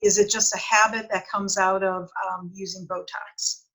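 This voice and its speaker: A woman moderates a panel, reading audience questions aloud and passing them to the speakers. Her voice is bright and crisp, at a middle pitch. She keeps things brisk. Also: flat delivery, low-quality recording. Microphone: video call.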